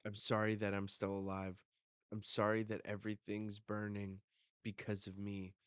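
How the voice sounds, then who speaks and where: A young girl racked with guilt, pleading her apologies in a raised voice, as a man reads her lines. The voice stays low and close to the man's own, with a dry sound and no room. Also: monotone, normal speed, fairly bright tone, clean tone, dry recording, natural voice. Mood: guilt-ridden.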